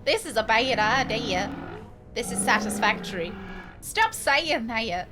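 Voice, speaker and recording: A woman streaming a video game, chatting casually in a high voice with a playful, crude, joking manner. She laughs easily and reads lines aloud as she plays. Game music sits clearly in the background. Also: animated, a little slow. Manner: playful, crude, giggly, jokey. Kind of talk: casual live-stream commentary.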